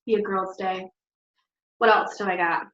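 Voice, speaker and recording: A woman's voice: mid-range voice, fairly even intonation, unhurried, a bit bright. A young woman talking in a chatty, rambling, encouraging way in a casual motivational vlog recorded at home. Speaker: network marketing team leader. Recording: roomy, distant, dull lo-fi sound.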